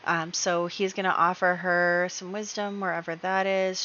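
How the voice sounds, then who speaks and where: Bright-toned chatty woman gamer. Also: on the low side, little pitch movement, moderate pace, highs cut off, slight background noise. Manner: chatty, narrates her moves with fillers and laughs. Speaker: let's play host. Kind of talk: casual game commentary.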